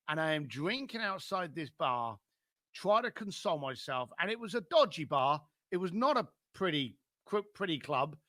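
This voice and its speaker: A middle-aged man with a London accent, a podcast guest telling his life story in an animated way and acting out other people's lines. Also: fairly high pitch, dry recording, clean studio sound. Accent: London English. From London, England.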